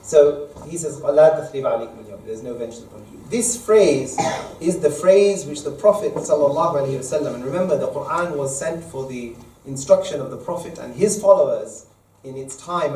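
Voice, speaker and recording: A man, an imam, leading a Quran study lesson, explaining verses at length and reciting Arabic quickly, recorded in an echoey mosque hall from a distance. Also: medium pitch, mellow. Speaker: imam teaching a study circle. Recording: echoey room, mic far off.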